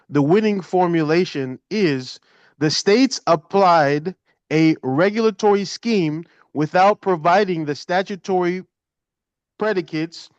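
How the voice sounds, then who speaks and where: A man reads a prepared legal passage slowly and carefully, in a slightly high voice. His audio is dull and lo-fi, like a computer mic on a video call. The sound is dry, with no room echo. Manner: measured, careful reading. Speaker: call participant. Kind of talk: reading a prepared legal text aloud.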